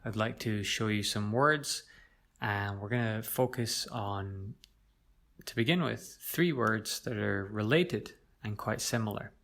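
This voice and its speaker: A man teaching an English vocabulary lesson, speaking clearly and drawing out words to show their pronunciation. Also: fairly low pitch, fairly bright tone. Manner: slow, clear, stretches words to model pronunciation.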